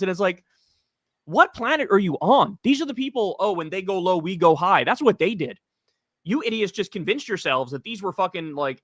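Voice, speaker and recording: A high-voiced man rants through a casual podcast chat, swearing hard and hammering his points as a political commentator. His voice is close and dry, with no room around it. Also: animated, normal speed, fairly bright tone, no echo. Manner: profane, ranting, emphatic.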